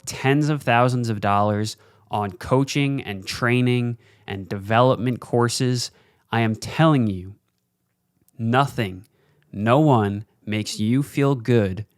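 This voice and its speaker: A man with a smooth, resonant voice talks into a studio mic, recorded close and dry with no room sound. He gives a blunt, casual motivational monologue as a podcast host, swears freely, and slows right down to press his points. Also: lowish voice, dry recording. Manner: slows down for emphasis. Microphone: studio mic, facing camera.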